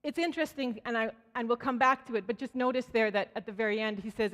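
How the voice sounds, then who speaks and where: A woman's voice: a little high, fairly even intonation, quick pace. A woman giving a conversational sermon at a church, telling stories and acting out quoted voices. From Canada. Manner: storytelling, acts out quoted voices, frequent restarts. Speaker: speaker at church. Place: church sanctuary. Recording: church hall with long reverb.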